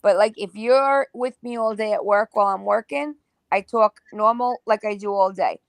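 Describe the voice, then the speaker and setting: A woman chatting casually, speaking slowly and carefully. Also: medium pitch, dry recording. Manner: self-aware, tries to talk slow. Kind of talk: casual chat.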